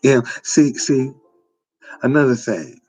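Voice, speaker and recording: A man's voice: medium pitch, animated, takes it slowly, darkish tone, breathy edge. A man, delivering an informal preaching monologue with repetitive, emphatic phrasing. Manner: repetitive, emphatic, folksy street-preacher cadence. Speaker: online preacher.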